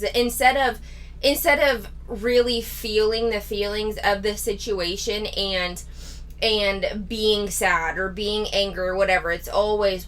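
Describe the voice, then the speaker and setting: Lady doing a reaction video, talks slow, bright voice, blunt and sarcastic. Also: mid-range voice, fairly even intonation. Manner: candid, critical and sarcastic. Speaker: commentary channel host. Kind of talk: reaction commentary.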